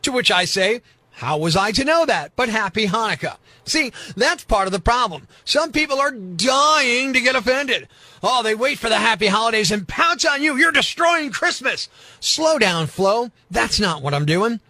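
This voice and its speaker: Guy radio host ranting, really high bright voice, dry studio sound. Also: lively intonation, no room sound. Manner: fast, sarcastic, punchy delivery. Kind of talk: radio rant.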